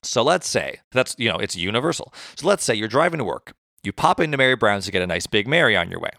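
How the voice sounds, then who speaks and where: A man's voice: on the low side, big pitch swings, quick pace, gravelly, bright, forceful tone, no echo, clean studio sound. A man, co-hosting a podcast and casually explaining philosophy, self-deprecating and tripping over hard words. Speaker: podcast co-host.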